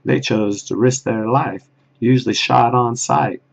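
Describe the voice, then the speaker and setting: A man talking in a rambling solo monologue, with a halting, muttered delivery and soft chuckles. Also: medium pitch, creaky, muffled recording. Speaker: video blogger.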